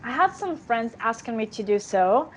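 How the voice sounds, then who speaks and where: An actress with an Italian accent in a casual interview, talking freely with frequent laughter and restarts. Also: female voice, a little high, very animated, moderate pace, slight background noise. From Italy. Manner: chatty, laughs often, many restarts.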